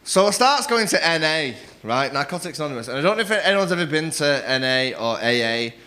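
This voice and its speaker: A man's voice: a little high, sing-song, fairly quick, pushed and bright. A man doing a brash, rowdy stand-up set on a comedy club stage, working the crowd on a handheld mic. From Manchester. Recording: live comedy club with audience noise.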